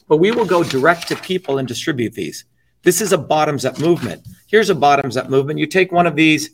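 Middle-aged male interviewee, slightly high voice, forceful and profane, rambling fillers. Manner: emphatic, blunt and profane, with many you-knows. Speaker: interviewee, political candidate. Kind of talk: impassioned political talk.

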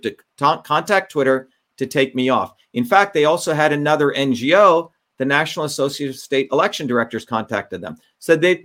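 A man's voice: a little high, fairly bright tone. A man who is a Senate candidate, talking emphatically in an interview, repeating his points and often restarting his sentences. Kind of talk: interview talk, recounting a story.

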